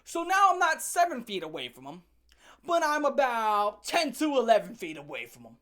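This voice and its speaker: A woman telling a comic story as a channel host, in a sarcastic, profane and animated rant. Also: on the high side, normal speed.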